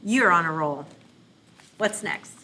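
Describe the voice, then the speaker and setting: A woman's voice: fairly low pitch, slight background noise. A woman children's librarian with an American accent, cheerfully encouraging children in a reading lesson. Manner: encouraging, cheerful, slow and expressive.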